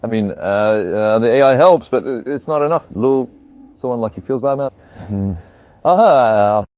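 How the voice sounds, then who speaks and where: A man's voice: medium pitch, animated, unhurried, phone-quality sound, close to an everyday voice. An AI voice of a man playing a crude, sarcastic, irritable streamer. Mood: whiny. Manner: swearing, sarcastic, whiny.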